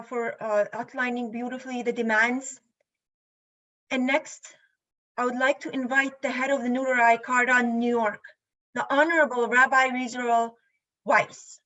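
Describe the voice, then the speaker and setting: A woman hosting an event who introduces speakers in a polite, formal, slightly halting way. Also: high-pitched, bright, forceful tone, lo-fi sound. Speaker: event host.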